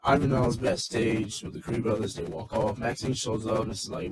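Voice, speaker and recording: A man's voice: mid-range voice, a little slow, crowd noise, low-quality recording. A man casually recapping a wrestling show in a loose, rambling, swearing rant.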